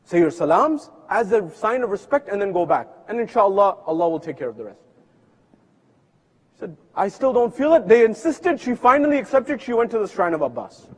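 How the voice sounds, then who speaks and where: High-voiced male preacher telling a story. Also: animated, a little fast, hardly any pauses. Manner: dramatic storytelling, voicing the story's people with swings from loud to hushed. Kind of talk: sermon storytelling. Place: mosque hall. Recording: long hall reverb from a live stream.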